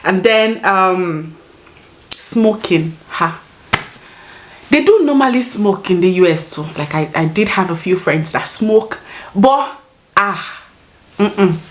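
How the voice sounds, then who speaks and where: A woman's voice: mid-range voice, expressive, slow, pauses often, a little hiss or hum. Young woman with a Nigerian accent, casual vlogger, talkative and easily amused. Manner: chatty, laughs often, rephrases mid-sentence. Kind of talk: casual chat to camera.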